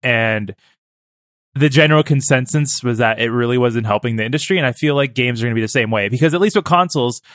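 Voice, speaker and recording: A man co-hosts a casual tech podcast in a playful, jokey way, riffing freely between points. His voice sits at an ordinary pitch and is recorded dry and close. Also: quick pace, fairly bright tone, no room sound. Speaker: podcast co-host.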